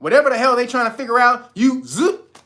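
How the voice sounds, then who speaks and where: A man's voice: very high voice, fairly quick, pushed and bright. A man hosting a livestream, ranting in a blunt, profane and preachy way. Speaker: livestream host. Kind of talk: heated livestream rant.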